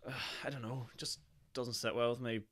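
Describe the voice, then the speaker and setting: Hoarse young Northern Irish man, chatty. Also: medium pitch, fairly even intonation, a little fast, fairly bright tone. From Northern Ireland. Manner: chatty and jokey, with frequent laughs and fillers. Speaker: podcast host. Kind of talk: casual solo podcast chat.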